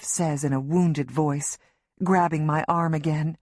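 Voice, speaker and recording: A woman narrating a tense first-person audiobook in a measured, storytelling manner. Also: low voice, fairly even intonation, a little mellow, dry recording, studio quality.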